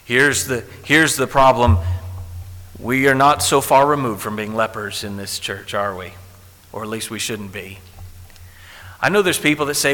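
A male pastor preaching a sermon in a church, quoting old scripture and swinging from hushed passages to loud ones. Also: medium pitch, expressive, moderate pace. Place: church sanctuary. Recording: echoey hall with faint hiss.

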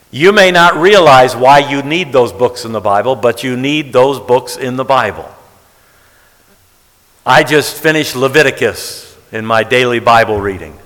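A man's voice: mid-range voice, fairly bright tone. Man teaching Scripture in a reverberant hall. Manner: plain, conversational teaching with repetition and restarts. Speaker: Bible teacher. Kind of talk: sermon-style Bible teaching.

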